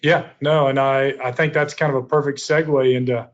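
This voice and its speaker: A man hosting a webinar, chiming in with quick agreements and leading to the next topic. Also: medium pitch, little pitch movement, muffled recording. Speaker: webinar host. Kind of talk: webinar conversation.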